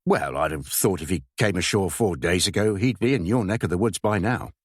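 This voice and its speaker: A man's voice: deep voice, a little fast, husky, dry recording, clean studio sound. A man doing a smug, portly chief constable. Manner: smug, self-satisfied.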